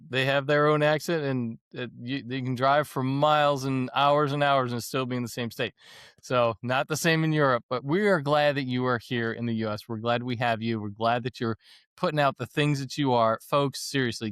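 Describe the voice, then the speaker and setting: A man hosts a podcast interview with eager, effusive enthusiasm, laughing along with his guest. His voice sits at a middle pitch for a man. The recording is dry and close, with no room echo. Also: fairly even intonation, normal speed, fairly bright tone, smooth. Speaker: podcast host. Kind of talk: casual interview chat.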